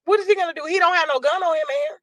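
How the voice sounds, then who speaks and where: A woman's voice: very high voice, very fast, fairly bright tone. A woman, animatedly recounting an incident and acting out the voices of people in it. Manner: acts out quotes in shifting voices. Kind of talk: animated storytelling.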